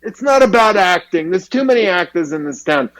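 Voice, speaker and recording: A man's voice: high-pitched, brisk, pitched above the performer's own voice, low-quality recording. A man voicing a flamboyant, gushing male beauty school head with a Long Island accent. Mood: insistent. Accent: New York, Long Island. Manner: gushing, excitable, pushy.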